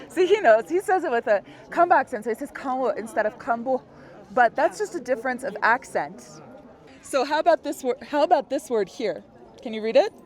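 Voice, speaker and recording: A woman's voice: sits high, expressive, a little fast. A woman teaching a language lesson out of doors, explaining step by step in a friendly way and laughing often. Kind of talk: casual outdoor lesson. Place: outdoors in a busy public place. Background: onlookers in the street.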